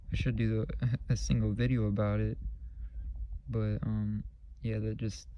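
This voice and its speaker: Brief male vlogger, mellow low-lit tone, monotone delivery, rambling and profane, faint hiss behind. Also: low-quality recording. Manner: rambling, repetitive, profane, earnest. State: low on energy. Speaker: channel host. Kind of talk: casual spiritual vlog monologue.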